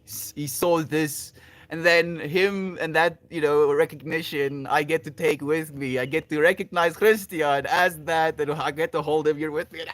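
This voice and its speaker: A man's voice: fairly high pitch, moderate pace, fairly bright tone, no echo. A sleep-deprived man rambling affectionately on a livestream, reading chat aloud and laughing often.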